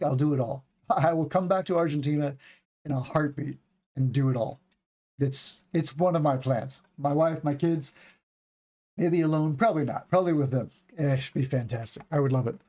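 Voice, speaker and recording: A man's voice: on the high side, darkish tone. Chatty American man teaching English. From United States. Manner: chatty and digressive, repeating words to demonstrate pronunciation. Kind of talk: livestreamed lesson answering chat questions.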